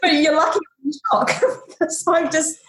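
A woman in her forties, a podcast guest, retelling a painful personal story in a halting, emotional way with many restarts, raising her voice when she acts out what people said. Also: high-pitched, level tone, a bit bright. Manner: acts out quoted lines in a raised voice.

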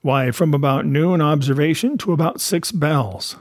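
A man voicing a half-wild marooned old sailor, cunning and anxious, speaking in rough sailor's grammar in a storybook reading. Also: a little high, moderate pace, no echo, studio quality, natural voice. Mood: wheedling. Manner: rustic sailor's grammar, sly and insistent.

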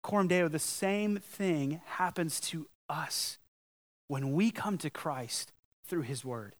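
A man's voice: on the high side, slow pace. Earnest, conversational male preacher. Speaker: pastor. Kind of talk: sermon.

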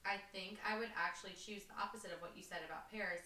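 Young woman, podcast co-host, bright tone, giggly, animated, echoey room. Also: medium pitch, fast. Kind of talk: casual chat.

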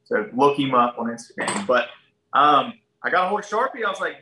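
A man's voice: medium pitch, brisk, roomy sound, distant mic, low-quality recording. A man, a podcast guest telling a story casually and acting out the people in it. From Ohio, USA. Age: 30s. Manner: folksy, animated, acts out other people's lines.

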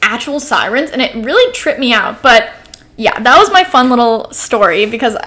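A nineteen-year-old woman hosts her solo podcast in an upbeat, caffeinated ramble. Her voice sits a little high, and she fills her talk with "like" and "um" as she chats along. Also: expressive, normal speed, bright, forceful tone. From Oregon, US West Coast. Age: teens, about to turn twenty. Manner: chatty, rambling, heavy use of "like" and "um". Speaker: podcast host. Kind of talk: casual solo podcast chat.

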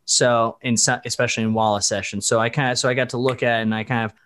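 Guesting on a relaxed podcast interview, this voice actor from the Dallas-Fort Worth area rambles, corrects himself mid-thought, speaks in stops and starts, and laughs frequently. He talks fast in a mid-range voice that is clear, resonant, and fairly bright, with little pitch movement.

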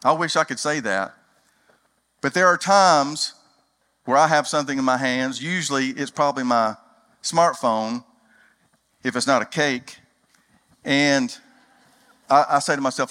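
Bright-voiced pastor preaching. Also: male voice, medium pitch, a little slow, long pauses, big-room sound. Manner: folksy storytelling, acts out dialogue. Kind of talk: sermon. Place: large church hall.

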